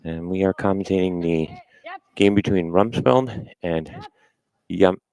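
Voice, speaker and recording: Deep-voiced, slightly winded male curling commentator. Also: measured pace, gravelly, poor audio. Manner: relaxed, chatty, with fillers and self-corrections. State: a little out of breath. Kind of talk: play-by-play sports commentary.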